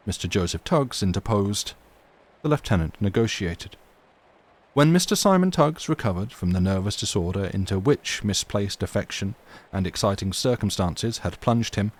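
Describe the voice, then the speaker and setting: A man with a fairly low voice reading classic stories aloud for a live stream audience. His narration is measured and dramatic, and between stories he talks casually to his viewers. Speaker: livestream reader.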